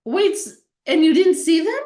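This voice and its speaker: A woman's voice: extremely high pitch, animated, normal speed, mellow. A woman co-hosting a live stream on a video call, chatting casually and animatedly and laughing easily. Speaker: stream co-host. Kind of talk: casual chat. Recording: roomy video-call audio.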